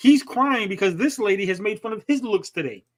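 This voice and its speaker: High-pitched male co-host, profane mocking stream banter, habitual "bud" tag. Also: expressive, a little fast. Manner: mocking, profane, keeps tagging lines with "bud". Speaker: livestream co-host. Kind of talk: crude casual banter on a stream.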